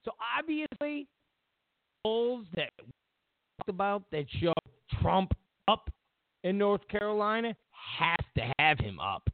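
A man hosting a political commentary show, ranting in a mocking, animated way over a phone line. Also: high-pitched, measured pace, pauses often, dry recording. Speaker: host.

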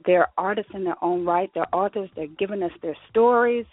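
A woman hosting a live internet radio talk show, bubbly and excitable, laughing often and out of breath. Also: mid-range voice, brisk, no echo, faint music behind. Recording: phone-line quality, dry.

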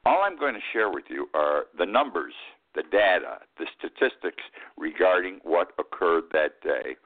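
A man's voice: deep voice, very animated, moderate pace. A man in his eighties hosting a radio talk show, giving plainspoken, opinionated commentary. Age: 80s. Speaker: host. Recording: tinny phone-like line.

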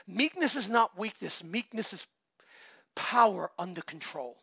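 Male pastor in his thirties, high gravelly voice, forceful preaching, dry lo-fi recording. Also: animated, a little slow, dry recording. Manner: exhorting, swings from loud shouts to low murmurs. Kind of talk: sermon. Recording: dull lo-fi sound.

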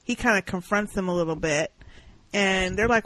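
A woman's voice: mid-range voice, normal speed, a little hiss or hum, poor audio. A woman co-hosting a podcast, recapping an episode in casual chat and acting out the characters' lines. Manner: animated, acts out characters' lines. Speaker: podcast co-host.

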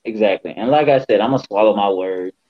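A man's voice: lowish voice, fast, narrow, tinny audio. A man co-hosting a casual basketball podcast, giving blunt, slangy opinions. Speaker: podcast co-host.

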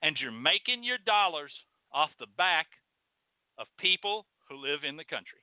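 Male show host, fired-up profane rant, higher-pitched, thin phone-line sound. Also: very animated, moderate pace, dry recording. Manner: heated, profane, scolding. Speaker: host of a hoodoo and rootwork show. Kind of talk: angry ranting monologue. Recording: tinny phone-like line, dry.

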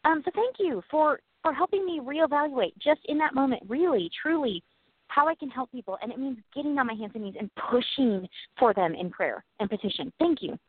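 A high-pitched woman co-hosts a casual faith talk, speaking earnestly and warmly encouraging her listeners. Her voice comes through a thin, phone-like channel with a dry, close sound. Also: animated, fairly quick, husky, dry recording. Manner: earnest, encouraging, laughs often. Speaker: podcast co-host.

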